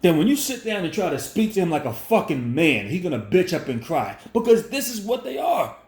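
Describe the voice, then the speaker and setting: A man's voice: high voice, very animated, brisk, darkish tone. Preachy ranting man in echoey room. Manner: confrontational, preachy, repetitive. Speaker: commentary vlogger. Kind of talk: ranting monologue commentary.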